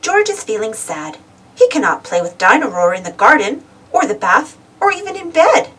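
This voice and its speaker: A woman reading a children's picture book aloud in a slow, clear, expressive storytelling manner. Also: fairly high pitch, distant mic. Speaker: storybook reader.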